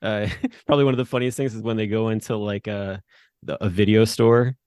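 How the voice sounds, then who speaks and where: A man's voice: lowish voice, steady tone, a little fast, a little mellow, clear, resonant tone, no room sound. Man, thirties, podcast co-host, casual rambling chat, dry close sound. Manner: rambling, many fillers and restarts, laughs often.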